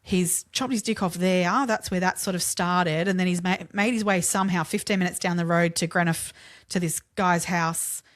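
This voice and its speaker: A woman's voice: fairly low pitch, steady tone, normal speed. Chatty woman telling a crime story. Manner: chatty, lots of "like" fillers, swears casually. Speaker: podcast co-host. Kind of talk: casual true-crime storytelling.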